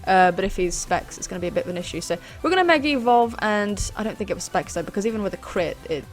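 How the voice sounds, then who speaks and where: A woman's voice: mid-range voice, fast talker, soft background music. A woman hosting a gaming channel, chatting through a live battle in a self-deprecating way. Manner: chatty, self-deprecating, sudden excited screams.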